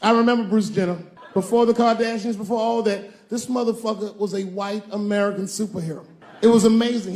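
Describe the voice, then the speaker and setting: This comedian, a man in his forties, has an extremely high-pitched yet somewhat mellow voice. He performs a crude, chatty stand-up set, telling stories and bantering with the audience.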